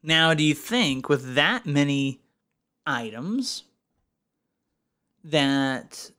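A man's voice: a little high, expressive, drawn-out words, bright, forceful tone. A man co-hosting a casual comedy podcast, playfully riffing on the jokes. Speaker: podcast co-host.

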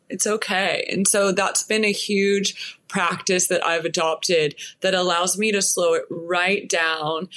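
Calm, reflective woman coach from Texas. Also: on the low side. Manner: reflective, measured, gently reassuring. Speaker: business and mindset coach, guest. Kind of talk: podcast interview.

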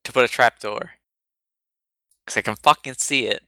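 A man's voice: medium pitch, normal speed, sharp tone. A man playing in a tabletop game, blunt and swearing freely. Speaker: player. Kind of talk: casual tabletop play.

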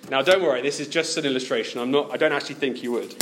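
A man's voice: mid-range voice, very fast, background noise. A man preaching a sermon, asking his listeners many direct questions.

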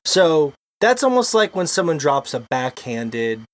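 A man co-hosting a casual gaming podcast, talking in animated, joking banter. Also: a little high, a little slow. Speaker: podcast co-host.

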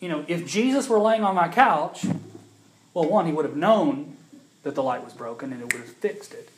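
A man's voice: on the high side, animated, normal speed. Male pastor, chatty sermon voice that builds to emphatic preaching, echoey room. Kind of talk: sermon with personal story.

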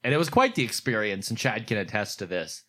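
Animated, profane man telling convention stories. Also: on the low side, a little fast. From Pittsburgh. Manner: animated, profane, acts out quotes in raised voice. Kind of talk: casual storytelling chat.

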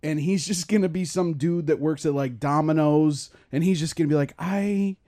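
A man's voice: a little high, steady tone, brisk, dark tone. A man co-hosting a casual podcast chat. He rambles and stammers through his points. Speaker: podcast co-host.

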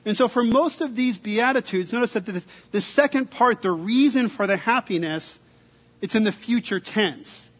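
A man's voice: high voice, normal speed. A man preaching an expository sermon in a teacherly way, stacking his points in repeated lists. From United States. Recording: dull lo-fi recording with long reverb.

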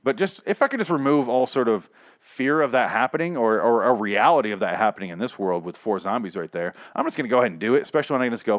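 A man's voice: mid-range voice, expressive, quick pace, dry recording, studio quality. Sarcastic, rambling man recapping episodes. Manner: sarcastic, rambling, heavy swearing. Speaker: show reviewer. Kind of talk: casual profane episode recap.

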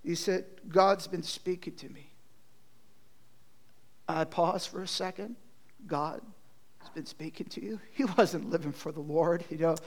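High-voiced male preacher telling a story. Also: moderate pace. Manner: emotional storytelling, swinging from loud to hushed. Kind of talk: sermon.

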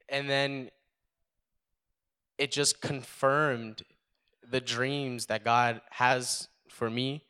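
A man's voice: mid-range voice, fairly even intonation, sharp tone, clean tone. Earnest young man sharing testimony. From United States. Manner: earnest, halting, many fillers. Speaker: testimony speaker. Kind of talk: personal testimony.

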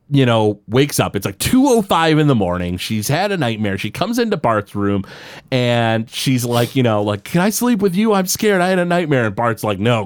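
Animated man recapping a cartoon. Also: mid-range voice, clear, resonant tone, no echo, clean studio sound. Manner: animated, loose retelling with many fillers and quick put-on quotes. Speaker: podcast co-host. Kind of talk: casual chat recapping a cartoon episode.

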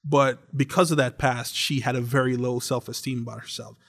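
Animated young man retelling a story. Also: mid-range voice, normal speed. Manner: animated storytelling, acts out quotes. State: tearing up. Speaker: podcast co-host. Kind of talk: casual chat.

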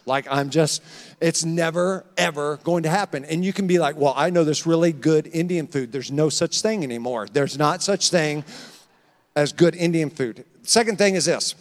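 Emphatic pastor preaching in a reverberant hall. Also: male voice, fairly high pitch. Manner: emphatic, calls out to the congregation, jokes. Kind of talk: sermon. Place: church sanctuary.

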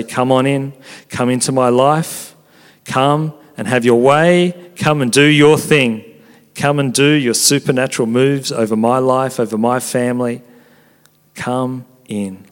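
A pastor preaching a sermon in a casual, conversational way, telling stories with lively energy. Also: male voice, mid-range voice, a little slow, clean tone. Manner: animated storytelling, conversational preaching. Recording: long hall reverb.

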